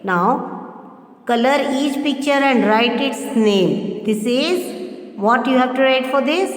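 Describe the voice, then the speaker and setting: A woman teacher with an Indian accent giving a phonics lesson, spelling out each word letter by letter and repeating it slowly. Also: fairly high pitch. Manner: slow, drilled repetition of letters and words. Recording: echoey, reverberant room.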